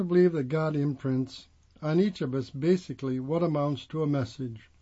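A man reading a magazine profile aloud in the first person, with a plain, steady delivery and pauses between phrases. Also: fairly high pitch, highs cut off.

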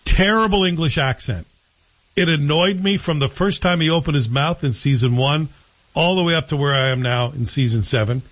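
A man co-hosting a show and chatting in an opinionated, animated way about TV series. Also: a little high, normal speed. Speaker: show co-host reviewing TV. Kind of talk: casual chat. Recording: dull lo-fi sound.

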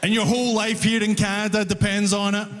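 High-voiced Glaswegian comedian. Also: male voice, fairly quick, noisy background. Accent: Glaswegian Scottish. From Scotland. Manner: animated, mock-exasperated storytelling. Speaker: stand-up comedian. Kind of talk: stand-up comedy set. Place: comedy club stage. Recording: reverberant live venue.

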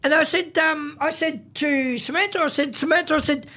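Australian man, high voice, rambling storyteller host. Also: steady tone, normal speed, sharp tone. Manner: rambling storyteller, repeats himself. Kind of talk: casual chat.

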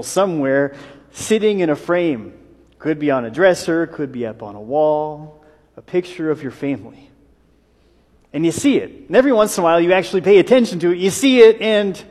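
A man preaching a sermon in a church, his voice carried on the long reverb of the hall. His pitch sits a little high for a man, and he talks in an easy, conversational way, slipping in jokes and asides. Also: a little mellow. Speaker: pastor.

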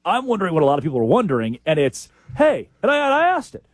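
A man co-hosting a sports talk show, telling animated stories with lots of impressions. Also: fairly high pitch, fast talker, dry recording. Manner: animated storyteller, lively impressions. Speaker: sports podcast co-host.

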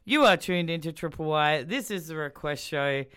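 Brief: woman, radio host, slightly low voice, deadpan ribbing of her co-host. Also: moderate pace, clean tone. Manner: dry teasing quips. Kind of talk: casual radio chat.

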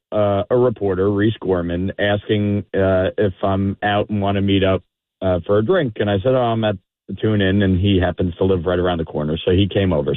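A politician calling in to a radio show, telling a story with animation and acting out the quotes. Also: male voice, on the low side, dry recording. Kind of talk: anecdote on a call-in radio show. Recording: phone-line call.

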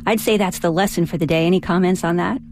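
A woman co-hosting a radio show, reading listener emails in a measured way and spelling out words. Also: lowish voice, steady tone, a little mellow, a little hiss or hum. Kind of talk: casual radio chat.

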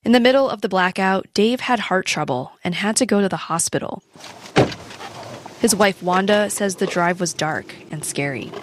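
A woman reporting a public radio news story in a measured, clear voice. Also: mid-range voice, a little hiss or hum.

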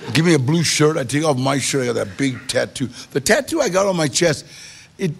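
Gravelly, animated male storyteller. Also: on the high side, a little fast. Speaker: storyteller guest. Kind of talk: personal storytelling.

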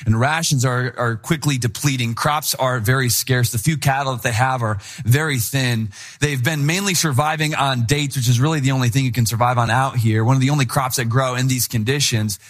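Young guy pastor telling a story in his sermon, animated, chatty, mid-range voice. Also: mid-range voice, brisk.

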